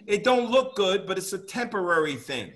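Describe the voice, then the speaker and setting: A man's voice: sits high, big pitch swings, normal speed, fairly bright tone. A man giving an interactive money lesson, quizzing his audience and pushing points home with an emphatic "right?". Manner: quizzes the audience, call-and-response; emphatic, repeats "right?" as a tag. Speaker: financial educator. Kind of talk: interactive teaching talk.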